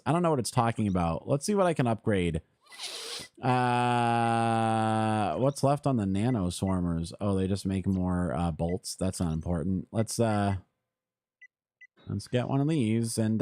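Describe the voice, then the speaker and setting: A man streaming a video game, rambling and joking, swearing at the game as he plays. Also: on the low side. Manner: animated, swears often, jumps between rambling asides and frustrated outbursts. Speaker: gaming streamer. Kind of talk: casual live game commentary.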